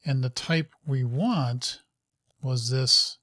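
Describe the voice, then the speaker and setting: A man works through a coding session and thinks out loud at an unhurried, deliberate pace, his voice sitting at an ordinary middle pitch. He mutters to himself, scolds the code and slips in wry, self-mocking asides. The sound is close and dry, with no room around it. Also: dry recording. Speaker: host of a live coding session. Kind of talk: thinking aloud while coding.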